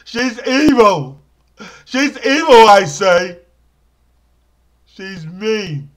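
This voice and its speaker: A man doing whiny, high-voiced Junebug McGee. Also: slow pace, a bit bright, exaggerated voice. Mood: lamenting. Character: battered, self-pitying man who scavenges cans. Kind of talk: comic character monologue to camera.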